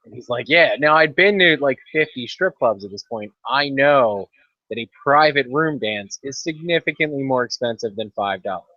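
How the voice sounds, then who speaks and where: A man's voice: medium pitch, lively intonation, moderate pace, no room sound. A man on a casual podcast, telling a long story in a laid-back way with dry asides. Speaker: podcast co-host. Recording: dull lo-fi dry podcast audio.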